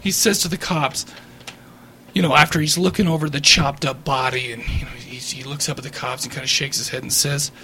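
A man's voice: mid-range voice, fairly quick, slight background noise. A man co-hosting a podcast in casual chat, telling stories with frequent laughs. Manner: laughing, animated storyteller. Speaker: podcast co-host.

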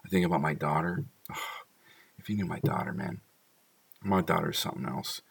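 A man's voice: low voice, a little fast, gravelly, slightly rough, distant mic. A man talking fondly about his children in a casual, rambling monologue full of "like" and small laughs.

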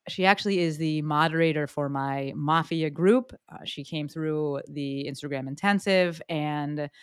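A woman hosting a podcast, bubbly and joking, with quick asides. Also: sits low, smooth, no echo, studio quality. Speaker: podcast host. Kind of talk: energetic podcast interview.

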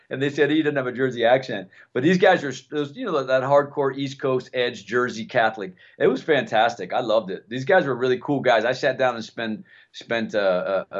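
A man in casual chat, telling an animated story with many restarts and repeated words. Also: mid-range voice. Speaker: co-host. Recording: dull lo-fi sound.

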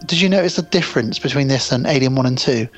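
A man's voice: medium pitch, fast, faint music behind. A man around forty, co-hosting a podcast, telling a long rambling story in casual film chat. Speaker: podcast co-host.

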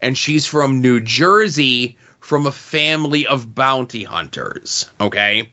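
Man, podcast host, sarcastic, rambling, middling pitch, dull muffled audio. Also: lively intonation, slow, sharp tone. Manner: sarcastic, rambling, fillers like "okay?". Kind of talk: casual movie review chat.

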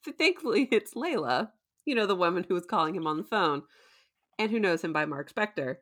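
A woman's voice: on the low side, lively intonation, a little fast, a bit bright. A woman hosting a casual podcast, chatty and laughing often as she recaps a show and acts out quotes. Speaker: podcast host.

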